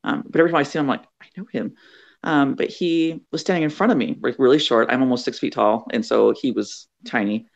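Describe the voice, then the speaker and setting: Woman, gravelly voice, animated storyteller, dull lo-fi call audio. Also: very deep voice, quick pace, few pauses. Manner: acts out quoted voices, chatty. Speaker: author guest.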